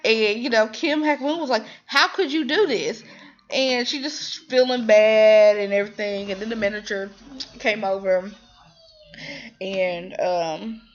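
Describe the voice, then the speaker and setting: A woman's voice: on the high side, lo-fi sound. Chatty woman recapping a drama. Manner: rambling, many fillers and restarts; animated, slips into quoted voices. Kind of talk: casual spoken recap.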